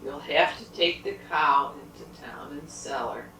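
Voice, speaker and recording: A poor, worried storybook mother, anxious and scolding, as a woman reading aloud puts her on. Bright voice in a roomy space, heard from a way off. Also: deep voice, a little slow, slight background noise, pitched below the performer's own voice. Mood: weary. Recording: roomy, distant home recording.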